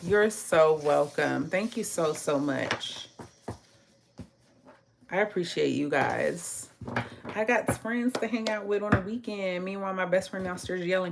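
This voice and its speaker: A woman's voice: on the low side, a little slow, creaky, a little hiss or hum. A woman giving a casual tarot reading who talks straight to her viewers, chats freely and laughs often. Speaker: tarot reader.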